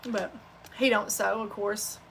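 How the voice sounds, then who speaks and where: A woman's voice: mid-range voice, level tone, a little slow, gravelly, noisy background. A woman hosting a sewing channel, chatting casually on a livestream and telling heartfelt, rambling stories.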